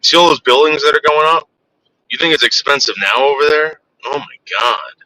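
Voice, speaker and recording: A man's voice: a little high, a little fast, pushed and bright, poor audio. A man hosting a casual livestream, chatting with his viewers and teasing them in a rambling way. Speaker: livestream host.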